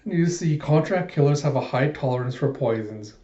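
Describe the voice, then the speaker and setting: A man's voice: mid-range voice, dark tone, echoey room, muffled recording. A man casually retelling a manga chapter in a chatty, rambling way. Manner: chatty, filler-heavy retelling. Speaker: manga reviewer. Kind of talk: casual reaction recap.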